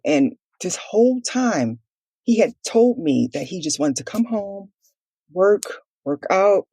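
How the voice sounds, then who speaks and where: A woman recounting a painful family story in a podcast interview, earnest and quick, acting out remembered dialogue and filling gaps with "like". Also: lowish voice, mellow, husky, no echo. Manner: earnest, quick retelling with quoted dialogue and many "like" fillers. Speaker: guest telling her family story.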